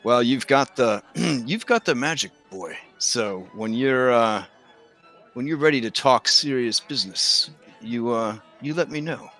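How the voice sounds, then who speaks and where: A man's voice: medium pitch, expressive, unhurried, sharp tone, soft background music. A man voicing a shrewd male merchant, talking business in a drawling, patronizing way.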